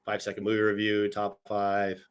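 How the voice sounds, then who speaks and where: A man's voice: lowish voice, monotone, brisk. A man co-hosting a podcast in casual chat, cracking jokes and quoting movies. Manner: wisecracking, quotes movies. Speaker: podcast co-host.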